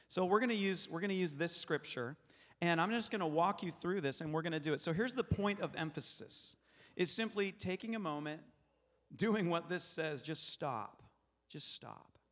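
A man preaching in an earnest, emphatic way, his voice sitting a little high for a man. He leads a guided scripture meditation and slows to a soft, hushed delivery for it. The sound carries a long reverb, as if from a large church hall. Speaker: pastor.

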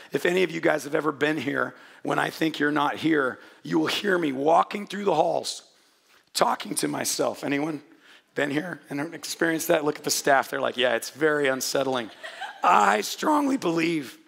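A man preaching a sermon to his congregation in a hoarse, gravelly voice, chatty and joking, often restarting his sentences. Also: on the high side, moderate pace, a bit bright. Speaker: pastor. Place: church hall before a congregation.

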